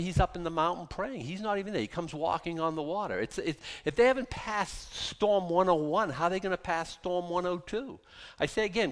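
Guy preaching a sermon, kinda high voice, really lively ups and downs, repeats stuff for emphasis. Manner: animated, emphatic repetition. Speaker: pastor.

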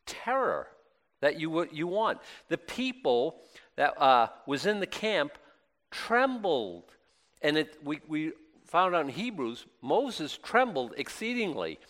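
A man's voice: medium pitch, a bit bright. A man preaching a sermon in a chatty, self-deprecating way, with joking asides between scripture readings. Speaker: pastor.

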